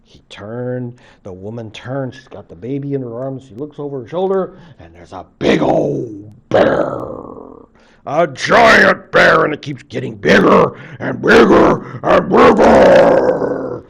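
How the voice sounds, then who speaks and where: Older man telling a traditional tale, folksy and animated, very lively pitch, mid-range voice, conversational delivery. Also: takes it slowly, gravelly, slightly rough. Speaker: college professor and storyteller. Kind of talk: traditional story told to camera.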